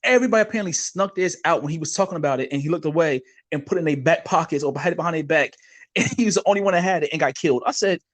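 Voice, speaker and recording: A man's voice: on the high side, racing. A man co-hosting a podcast, telling long rambling stories in casual chat and laughing along the way. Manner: rambling animated storytelling with laughs. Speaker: podcast co-host.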